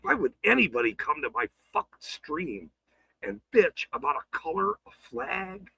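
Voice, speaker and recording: An angry man ranting on his livestream, swearing hard, stammering and shouting. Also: high-pitched, sing-song, moderate pace, gravelly, slightly rough, no echo, poor audio. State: furious.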